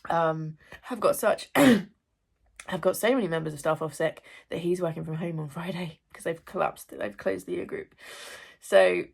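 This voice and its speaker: Vlogger, young woman, congested from illness; low gravelly voice, chatty and apologetic. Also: a little slow. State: congested, ill. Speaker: booktuber, English teacher. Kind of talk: casual reading wrap-up vlog. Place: at home.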